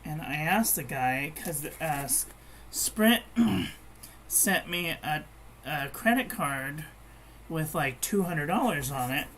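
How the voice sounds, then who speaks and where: A woman's voice: low-pitched, expressive, takes it slowly, a little hiss or hum. A woman chatting casually while she crafts at home, rambling and meandering, with frequent restarts. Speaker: crafting vlogger.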